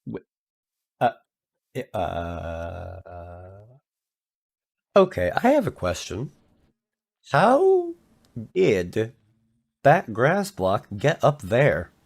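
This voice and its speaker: Slow, gravelly, rambling game streamer, a man. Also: deep voice, very animated. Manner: rambling, self-mocking, with playful voice bits. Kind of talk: casual chat while playing a game.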